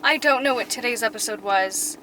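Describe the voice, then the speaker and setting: A young woman chats casually with viewers from a parked car at night, rambling in a bubbly way and occasionally slipping into a whisper. Her fairly high voice is bright and forceful, a little fast, in a low-quality recording with a little hiss or hum.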